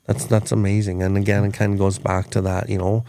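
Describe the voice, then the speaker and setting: A man's voice: fairly low pitch, flat delivery, fairly quick, dark tone, slight background noise. A man hosting a podcast, telling stories in an earnest, reflective way and often restarting his words. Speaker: podcast host. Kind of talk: reflective storytelling chat.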